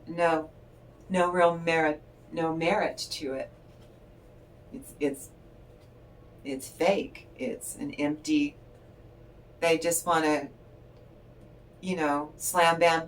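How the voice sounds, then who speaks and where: A woman's voice: sits low, fairly even intonation, slow pace, long pauses, a little hiss or hum. An older woman giving a tarot reading in a chatty, rambling storytelling way, laughing often. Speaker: tarot reader. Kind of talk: casual spiritual chat and storytelling. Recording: voice distant from the mic.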